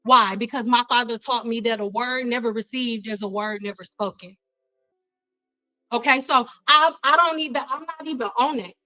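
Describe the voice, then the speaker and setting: A woman's voice: fairly high pitch, normal speed, pushed and bright, no echo, poor audio. A woman talking intensely in a heated livestream monologue, emphatic and repeating herself. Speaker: YouTuber, spiritual coach.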